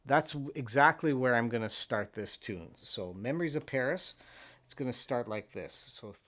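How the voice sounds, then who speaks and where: A man's voice: medium pitch, animated, normal speed, fairly bright tone. A man giving a patient fiddle lesson, explaining scales and counting the beats aloud. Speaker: fiddle teacher. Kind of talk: step-by-step instrument lesson. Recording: with fiddle playing in between.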